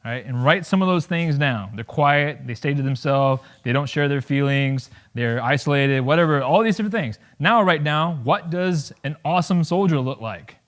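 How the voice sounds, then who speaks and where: Animated man giving a campus talk. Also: fairly high pitch. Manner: animated, jokey, acts out quick voices. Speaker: guest speaker.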